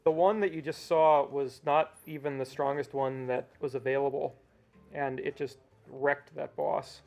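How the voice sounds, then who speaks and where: A man's voice: mid-range voice, steady tone, a little slow, vocal fry, a little mellow, faint music behind. A man giving casual speedrun commentary, explaining mechanics with hesitant fillers.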